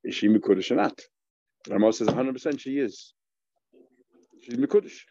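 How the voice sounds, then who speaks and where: A man's voice: mid-range voice, moderate pace, vocal fry, mellow, breathy edge, dry recording, highs cut off. A man giving a Talmud lesson in English, peppered with Hebrew and Aramaic terms, asking and answering his own questions with frequent restarts. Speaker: Talmud teacher.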